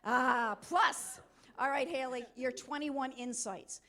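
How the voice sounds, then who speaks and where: A middle-aged woman giving an energetic, interactive motivational talk at a conference, coaxing volunteers from the audience. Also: high voice, slow. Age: middle-aged or older. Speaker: conference keynote speaker. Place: conference hall.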